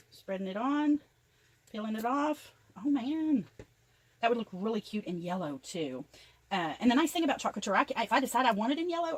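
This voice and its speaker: A woman's voice: fairly high pitch, poor audio. An older woman chattily narrating each step of a craft tutorial as she works. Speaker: craft vlogger.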